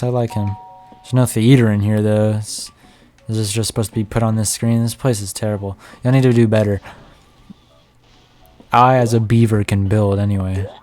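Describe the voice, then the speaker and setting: Man, low voice, joking gameplay commentary, faint game music behind. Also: warm tone. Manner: chatty, jokey, talks to himself while playing. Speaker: streamer.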